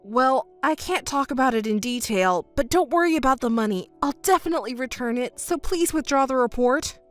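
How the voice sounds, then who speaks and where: A woman's voice: high-pitched, animated, brisk, faint music behind. A woman reading a pleading, deceitful ex-boyfriend. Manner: pleading, evasive. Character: sheepish, deceitful young male ex-boyfriend.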